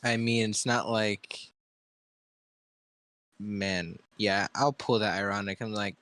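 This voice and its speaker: A man's voice: on the low side, fairly even intonation, takes it slowly, long pauses, a bit bright, dry recording. A man playing in a casual tabletop game, joking and describing what his character does. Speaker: player. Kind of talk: casual tabletop role-play.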